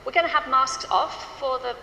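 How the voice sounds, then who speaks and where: A woman's voice: sits high, moderate pace, pushed and bright. Upbeat woman choir director in echoey hall. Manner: encouraging, upbeat, chatty. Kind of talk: rehearsal instructions to a choir. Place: rehearsal hall. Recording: echoey hall with faint ambient noise.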